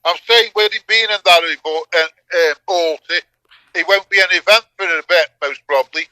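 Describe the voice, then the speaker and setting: Role: co-player on a game stream. Style: casual chat. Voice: bright, dry close sound, teasing. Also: medium pitch, normal speed, dry recording, poor audio.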